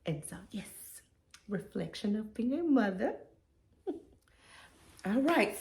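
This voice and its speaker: A woman in a heartfelt, casual vlog. Her voice sits a little low, and she sounds emotional and sincere. The recording has a noticeable room echo. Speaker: vlogger. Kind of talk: reflective personal vlog.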